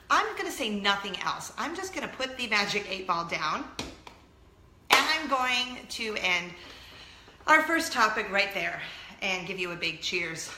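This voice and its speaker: Lively, bright-voiced woman vlogger. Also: mid-range voice, echoey room. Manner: animated storytelling, often laughing. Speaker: vlog host. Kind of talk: casual chat to camera.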